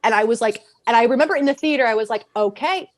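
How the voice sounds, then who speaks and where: A young woman chatting as a podcast guest, her voice a little high. She tells stories in a lively, expressive way and laughs often. The recording is dry and close. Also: fast talker, dry recording. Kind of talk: casual podcast chat.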